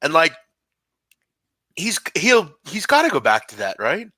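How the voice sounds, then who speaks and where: A man's voice: a little high, huge pitch swings, unhurried, sharp tone, slightly rough, no room sound. A man hosting a casual sports betting show, talking loosely with lots of fillers.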